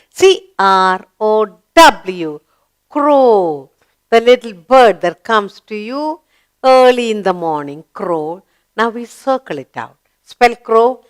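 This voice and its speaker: Slow, clear woman teaching children. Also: fairly high pitch. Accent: Indian English. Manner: spells out words letter by letter and coaxes children with questions. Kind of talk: children's spelling lesson.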